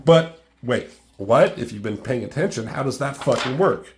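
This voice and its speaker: Brief: young adult man, loose casual talk, lots of "like" and "um", mid-pitched voice. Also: animated, moderate pace, slight background noise. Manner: loose, many fillers like "like" and "um". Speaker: comic creator reviewing his own book. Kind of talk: casual chat.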